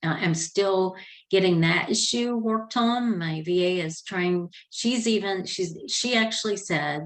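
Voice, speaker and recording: A woman's voice: mid-range voice, slow pace, poor audio. An older woman telling a personal story in an earnest, chatty way, with a few restarts as she goes. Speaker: Christian vlogger.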